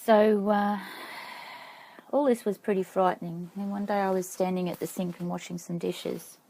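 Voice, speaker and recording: Halting, reflective woman with a gravelly voice. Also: mid-range voice, steady tone, mellow, rough recording. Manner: halting, reflective, often checks notes. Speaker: vlogger. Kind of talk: personal storytelling to camera.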